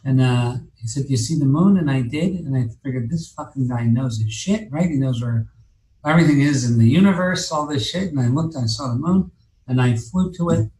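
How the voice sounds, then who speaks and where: A man tells a long story in a loose, rambling way, cursing freely and restarting his sentences over and over. His voice sits at an ordinary pitch for a man. It is recorded in an echoey room with a faint hum of ambience behind him. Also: fairly quick, mellow. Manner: rambling, profane, many restarts and fillers. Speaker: guest telling his story. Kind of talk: casual storytelling.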